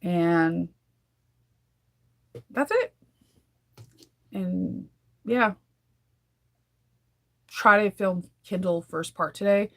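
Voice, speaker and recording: A woman's voice: on the low side, steady tone, extremely slow, gravelly, long pauses. A woman in her thirties chatting casually in a daily sewing vlog, rambling and laughing often. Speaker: sewing vlogger.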